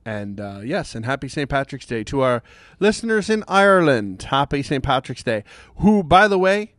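A man's voice: medium pitch, big pitch swings, moderate pace, fairly bright tone, no room sound, clean studio sound. A man hosting a podcast, chatting casually in a rambling, joking way with plenty of fillers. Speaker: podcast host. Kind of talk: casual chat.

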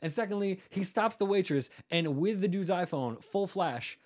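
A man in casual chat, telling an animated story full of swearing and acted-out quotes. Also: high-pitched, normal speed.

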